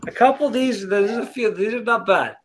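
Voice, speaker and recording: A man with a slightly high voice jokes crudely through a card game with friends. He slips into mock announcer lines between the chatter. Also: a little fast. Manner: loud joking, mock announcer lines, profanity. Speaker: player in a party card game. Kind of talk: casual chat among friends.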